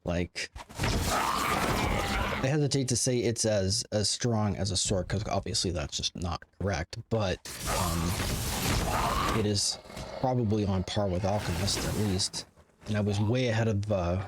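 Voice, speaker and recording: Low-voiced chatty streamer man. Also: measured pace, pauses often, very noisy. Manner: rambling, chatty, full of fillers and asides to chat. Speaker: game streamer. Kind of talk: casual live-stream commentary.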